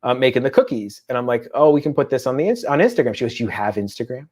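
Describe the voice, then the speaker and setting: Chatty dad telling animated stories. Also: male voice, medium pitch, racing, breathy edge. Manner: chatty, animated storytelling with voiced impressions. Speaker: podcast co-host. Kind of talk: casual chat.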